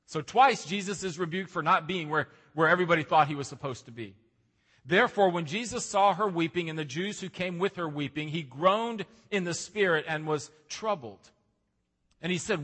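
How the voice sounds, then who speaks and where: A man's voice: fairly high pitch, normal speed, fairly bright tone, husky. A man preaching a sermon as pastor, reading scripture aloud with earnest, rising emphasis on key lines. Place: church sanctuary. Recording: long reverb of a church hall.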